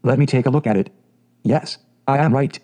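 A man voicing a bossy, know-it-all old female duck in a storybook reading, with a mellow voice. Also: mid-range voice, a little fast, close to an everyday voice. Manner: know-it-all, advice-giving.

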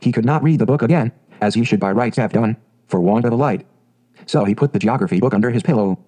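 A man narrating a fairy tale audiobook in a steady, measured way. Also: mid-range voice, poor audio.

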